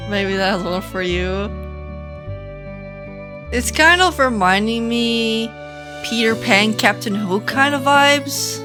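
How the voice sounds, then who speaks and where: A woman from the Netherlands, chatting casually as she reviews game outfits, quick to react with dramatic mock outrage. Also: on the high side, over music. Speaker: gaming content creator.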